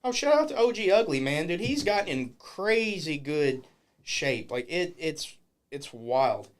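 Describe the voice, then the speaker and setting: Guest wrestler, male, slightly high voice that swings widely, profane podcast storyteller. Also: very animated, a little slow. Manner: profane, acts out quoted voices. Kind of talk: animated storytelling. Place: podcast studio.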